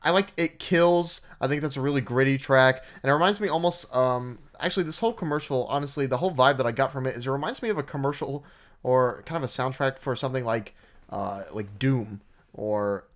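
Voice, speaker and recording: A man's voice: medium pitch, a little fast. Easygoing, chatty male podcast co-host. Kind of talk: casual podcast chat.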